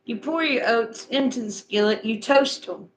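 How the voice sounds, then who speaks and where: A woman's voice: a little high, normal speed, a little hiss or hum, rough recording. A middle-aged woman chatting casually with her viewers and walking them through a recipe in a homespun, repetitive way. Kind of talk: casual chat, recipe instructions.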